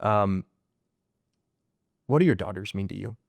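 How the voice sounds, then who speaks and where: A man's voice: fairly low pitch, animated, a little slow, gravelly, dry recording. A man interviewing a company chief, playful and upbeat as he sets up his questions. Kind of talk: sit-down interview.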